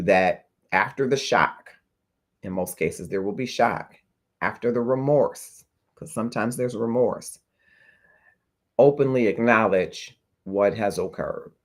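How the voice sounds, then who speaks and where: A man hosting a talk show, speaking earnestly and reflectively to his viewers and checking in with them. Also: lowish voice. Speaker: host of a talk show on grief. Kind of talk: heartfelt livestream talk to viewers.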